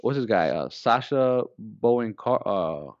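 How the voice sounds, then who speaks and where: A man co-hosting a small podcast, talking casually and rambling, getting animated when he quotes people. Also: lowish voice, measured pace, dry recording, lo-fi sound. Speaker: podcast co-host.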